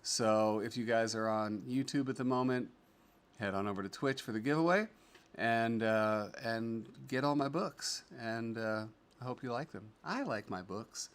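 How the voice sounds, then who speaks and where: A man's voice: medium pitch, normal speed, clean tone. Middle-aged guy hosting a livestream, chatty and upbeat, lots of ums, reads out comments. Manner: upbeat, chatty, rambling with many fillers, reads comments aloud. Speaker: livestream host. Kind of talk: casual livestream chat reading viewer comments.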